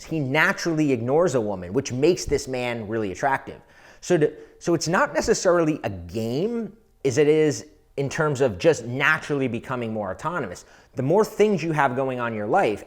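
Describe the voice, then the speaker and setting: A man speaking as a dating coach, giving casual, conversational advice to viewers, often repeating words as he goes. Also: mid-range voice. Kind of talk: advice monologue.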